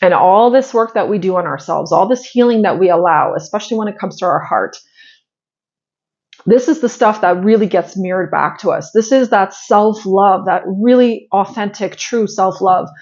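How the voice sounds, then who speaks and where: A woman's voice: medium pitch, moderate pace, darkish tone, highs cut off. Chatty woman giving a heartfelt spiritual pep talk. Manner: chatty, heartfelt, full of "like" fillers, blunt with swearing. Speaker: spiritual astrology channel host.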